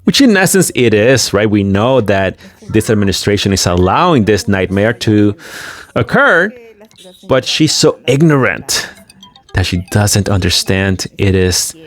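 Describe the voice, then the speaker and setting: A man from the United States doing scornful commentary on a livestream clip in a mocking tone. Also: lowish voice.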